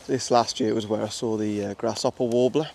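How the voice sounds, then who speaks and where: Brisk and mellow with vocal fry, a young man's lowish, steady voice narrates a casual vlog as he films a nature reserve walk. He's a wildlife photographer from England with a Midlands accent, using many fillers and restarts. Slight background noise is present.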